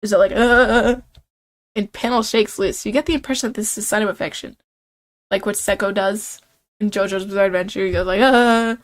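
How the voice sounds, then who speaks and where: A young woman streamer giving playful, excitable casual commentary while playing a dating game. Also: mid-range voice, a little fast.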